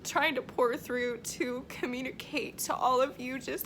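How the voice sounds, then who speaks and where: A woman working as a medium, talking emotionally in a vlog, close to tears, halting with many restarts and fillers. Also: high-pitched, steady tone, fairly bright tone, slight background noise.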